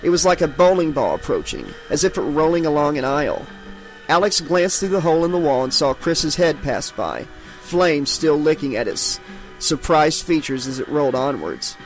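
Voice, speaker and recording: A man's voice: a little high, expressive, moderate pace, faint music behind, rough recording. A man narrating an unabridged horror audiobook dramatically, giving each character its own voice.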